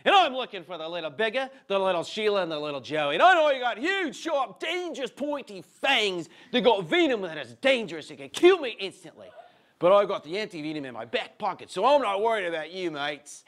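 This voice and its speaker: A boisterous crocodile hunter with a broad put-on Australian accent, as a man acts him out, booming and pitched up high. He hams up every line and calls everyone mate. The voice is loud and theatrical. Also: sing-song, brisk. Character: loud Aussie crocodile hunter chasing kids, cheerful adult man.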